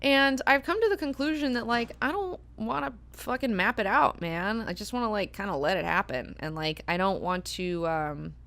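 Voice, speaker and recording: A woman's voice: medium pitch, normal speed, few pauses, a bit bright. A woman hosting a book club discussion, talking casually with many fillers and frequent swearing. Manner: chatty, filler-heavy, swears freely.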